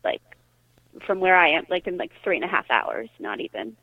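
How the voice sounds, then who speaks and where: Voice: mid-range voice, big pitch swings, moderate pace, vocal fry, no room sound. A podcast guest from Massachusetts chatting casually over a call, hesitant with many fillers. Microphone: phone or call line. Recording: tinny dry phone line.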